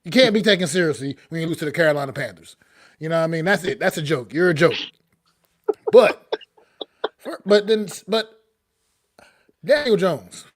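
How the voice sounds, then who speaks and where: A man's voice: a little high, expressive, normal speed, pauses often. A man co-hosting a sports podcast, talking slangy and disgusted, dropping "bro" and "man.". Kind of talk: casual sports talk.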